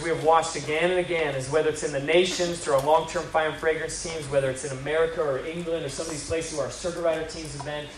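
A man preaching a sermon, telling stories with lively acted quotes. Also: on the high side. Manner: energetic storytelling with acted quotes. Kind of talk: sermon storytelling. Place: large hall with audience. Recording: roomy hall from a distance, crowd.

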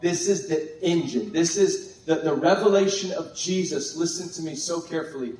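A man preaching a sermon with exuberant, animated delivery. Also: fairly high pitch, normal speed. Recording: echoey room from far off.

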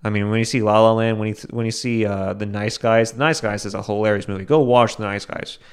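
Low, smooth-voiced man rambling casually. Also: fairly even intonation, fast. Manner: casual, rambling, frequent restarts and fillers. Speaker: podcast host. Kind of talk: solo podcast commentary.

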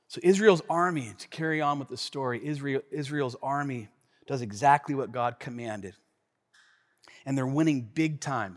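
A man preaching a sermon, telling a story in an animated, conversational way with frequent asides to the listeners. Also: on the high side. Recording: long reverb of a large hall.

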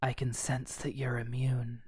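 A woman voicing a seductive, eerie male coronavirus in a slow, hushed whisper, as a whispered role-play reading. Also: a bass voice, breathy edge, no room sound, clean studio sound, voice pushed down, heavily acted.

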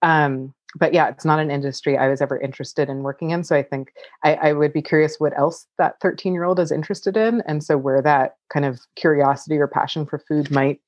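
A woman's voice: low-pitched, steady tone, fairly quick, darkish tone, no room sound, highs cut off. A woman cookbook author answering audience questions in casual chat, laughing often and saying "like" a lot. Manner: chatty, laughs often, many "like" fillers.

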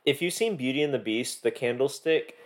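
A man co-hosting a casual film podcast, chatty and quick to add background. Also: mid-range voice. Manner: chatty, adds context, laughs easily. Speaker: podcast co-host.

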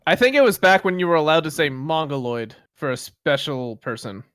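Man, podcast co-host, deadpan jokes, fairly high voice, dry close sound. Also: brisk, smooth, dry recording. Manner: joking, deadpan banter. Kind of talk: casual podcast chat.

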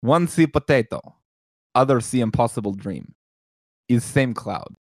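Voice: medium pitch, a little slow. A podcast host putting on a mock Latvian accent to play a gloomy, poor Eastern European man telling grim jokes in broken grammar. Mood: deadpan. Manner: broken grammar, dropped articles, deadpan grim punchlines.

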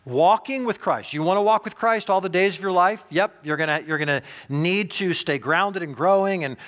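A man preaching a sermon as pastor, emphatic, swinging between loud urgent points and hushed low ones. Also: normal speed. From United States.

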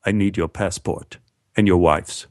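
A severe soldier speaks in short, flat orders, a little lower than the teller's own voice, as a man puts him on. The recording is dry and close. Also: unhurried, no room sound. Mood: curt. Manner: flat and curt. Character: stern, terse male embassy soldier.

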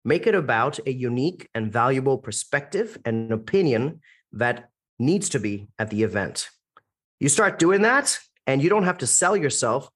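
Um homem criado em muitos países, com sotaque americano, falando como convidado de podcast de forma enérgica e enfática, com perguntas retóricas. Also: male voice, mid-range voice. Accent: American-sounding. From India, raised internationally. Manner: energetic, emphatic, rhetorical questions. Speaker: guest, public speaking coach. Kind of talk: podcast interview.

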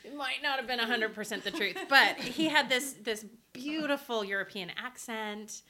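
A woman on a podcast telling a personal story in casual chat, animated and laughing through her lines. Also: a little high, moderate pace, a crowd in the background.

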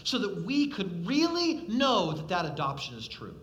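A man preaching a sermon as a pastor, swinging from loud, pressing appeals to hushed, quiet questions and acting out the voices he quotes. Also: high-pitched, huge pitch swings, moderate pace.

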